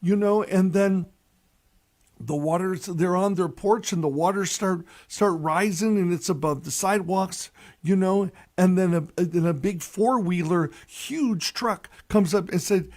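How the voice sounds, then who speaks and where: A priest giving a folksy, earnest radio reflection and telling a story, with many "you know" asides. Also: male voice, sits high, measured pace, a little mellow.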